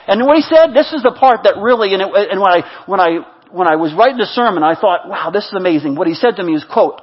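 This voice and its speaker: Male pastor, husky delivery, dull lo-fi sound, alternates booming urging with near-whispered repeats. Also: fast, few pauses. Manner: swings between loud exhortation and hushed, intimate repetition. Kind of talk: sermon.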